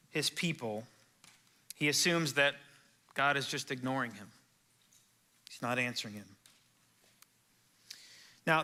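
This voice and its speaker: Bright-voiced, slow-speaking male pastor. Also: on the high side. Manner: earnest, conversational preaching with rhetorical questions. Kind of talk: sermon. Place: church sanctuary.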